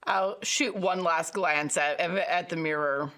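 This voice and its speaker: Woman player, low voice, dry delivery. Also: fairly bright tone. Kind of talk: tabletop play.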